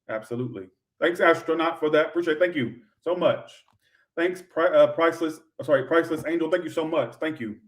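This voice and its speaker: Brief: brash male tarot streamer, a bit high-pitched, swears freely, rambles to his chat. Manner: sassy, profane, rambling, talks straight to viewers. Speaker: tarot reader. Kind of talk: livestream tarot reading.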